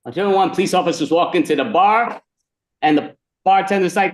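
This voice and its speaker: A man's voice: high voice, brisk, reverberant. A man hosting an improv comedy game, playfully praising his own jokes.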